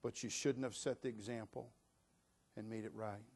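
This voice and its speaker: A man preaching a sermon, dropping to a hush and then building to loud, fervent shouts. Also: lowish voice, fairly even intonation, moderate pace, vocal fry, husky. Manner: dynamic preaching, swinging from hushed to shouting. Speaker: pastor.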